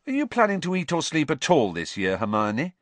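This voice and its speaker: A modest teenage boy, as a male narrator puts him on, pitched higher than the reader's own voice. He sounds sincere and a bit sheepish. The recording is dry and close. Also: huge pitch swings, fairly quick, no room sound.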